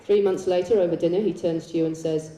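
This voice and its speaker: A woman's voice: fairly low pitch, steady tone, fast talker, warm tone, distant mic, some chatter behind. A woman performing a live stage monologue and a poetry reading, teasing the audience with playful banter. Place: large concert hall, live show. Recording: echoey hall recording.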